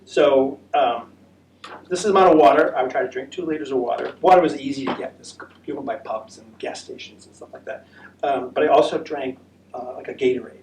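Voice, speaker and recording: Briskly and in a darkish, medium-pitched voice, an American man describes a long walk to a senior center crowd and fields their questions. His delivery is chatty and rambling with lots of fillers. It's recorded from a distance in an echoey room with faint noise.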